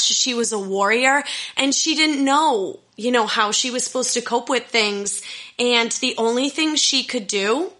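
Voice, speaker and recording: A woman's voice: a little high, pushed and bright. A young woman telling a candid personal story in an earnest, emotional, self-deprecating way. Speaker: storyteller sharing personal history.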